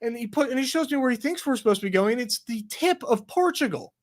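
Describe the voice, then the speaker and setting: Animated storytelling man with a lively pitch. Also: fast talker. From Texas. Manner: animated storyteller, swears, many likes and restarts. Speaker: podcast co-host. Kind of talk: casual chat, storytelling.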